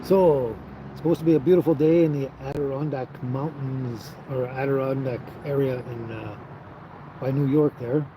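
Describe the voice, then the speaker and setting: A man in a relaxed, easygoing livestream chat, talking at an ordinary mid pitch and chuckling between thoughts. He is recorded outdoors, with clear traffic and street noise behind his voice. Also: moderate pace. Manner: easygoing, chuckles often, trails off with fillers. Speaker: livestream host reading viewer chat. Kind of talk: casual live chat.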